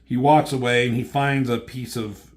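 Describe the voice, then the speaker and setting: A man's voice: mid-range voice, fairly even intonation, moderate pace. A man casually recapping a comic book story, rambling and profane, with lots of ums and restarts.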